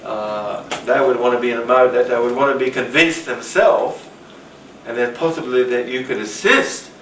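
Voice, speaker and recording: A man giving a rambling, animated talk on rapport, now and then acting out the voices of people he quotes. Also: medium pitch, normal speed. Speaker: teacher. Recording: roomy, distant, noisy.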